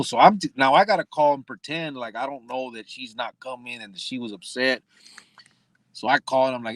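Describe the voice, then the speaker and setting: A man's voice: medium pitch, a little fast, dry recording. A man hosting a podcast, telling a story from prison in a casual, profane, joking way and laughing often. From Arizona. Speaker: podcast host.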